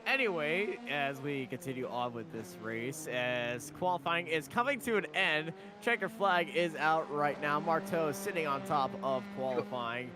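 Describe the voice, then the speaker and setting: A man commentating a sim race, calling qualifying and reading off the starting grid in brisk play-by-play. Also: a little high, music in the background.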